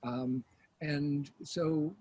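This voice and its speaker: An older man, a mediator, speaking as a guest in an interview in a thoughtful, measured way. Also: fairly high pitch, steady tone, dark tone, lo-fi sound, a little hiss or hum. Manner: thoughtful, measured, with frequent fillers. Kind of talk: conversational interview.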